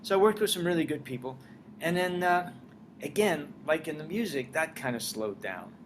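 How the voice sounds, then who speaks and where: A man's voice: fairly high pitch, normal speed, slight background noise. An older man, a writer-director and former singer, telling his career stories in a casual interview, acting out the dialogue he quotes. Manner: animated storyteller, acts out dialogue in quotes. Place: Los Angeles.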